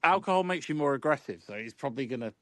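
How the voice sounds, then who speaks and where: A man's voice: medium pitch, expressive, rapid-fire, a bit bright, dry recording. A man hosting a football podcast, laid-back and chuckling, with lots of ums. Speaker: podcast host. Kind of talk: casual chat.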